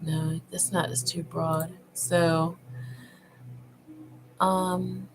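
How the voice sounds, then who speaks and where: A woman vlogger thinks aloud in an unhurried, meandering way, full of pauses and fillers. Her voice sits a little low, and she chats straight to her viewers. There's a faint hum of room noise behind her. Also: level tone, rough recording. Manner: addresses viewers informally. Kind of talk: casual talk while browsing online.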